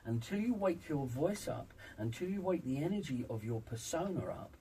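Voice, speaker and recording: A man's voice: fairly high pitch, big pitch swings, moderate pace, dark tone, recorded from a distance, a little hiss or hum, low-quality recording. A man working as a vocal coach, speaking emphatically in an interview and demonstrating vocal sounds. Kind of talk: interview, teaching voice exercises.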